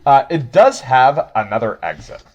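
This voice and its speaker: A man's voice: mid-range voice, big pitch swings, moderate pace, darkish tone, slight background noise. A man narrating a tabletop game as game master, casual and rambling, with many restarts.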